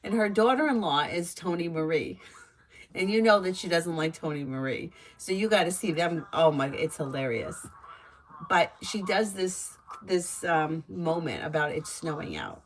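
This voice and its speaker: A woman doing tarot readings on a home live stream, talking in a chatty, giggly way. Her voice sits fairly low, with a faint hiss of noise behind it. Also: moderate pace, rough recording. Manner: chatty and giggly, lively storytelling. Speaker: tarot reader.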